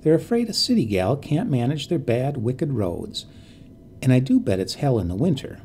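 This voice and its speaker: A man voicing a proud, bossy young woman from the city, brisk and indignant in a story reading. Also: medium pitch, big pitch swings, a little mellow, slight background noise. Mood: musing. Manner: brisk, indignant, self-satisfied.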